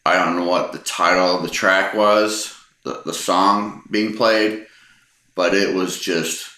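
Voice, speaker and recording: Man, middle-aged, very low voice, bright edge, rambling storyteller, lots of ums, echoey room. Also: steady tone, takes it slowly. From Texas. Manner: rambling, hesitant, many ums. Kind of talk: casual anecdote telling.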